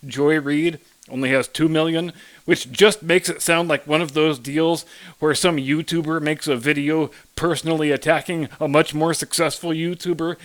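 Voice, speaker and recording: A man's voice: a little high, a bit bright. A man hosting a scripted commentary monologue in a sarcastic, mocking manner. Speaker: commentary channel host.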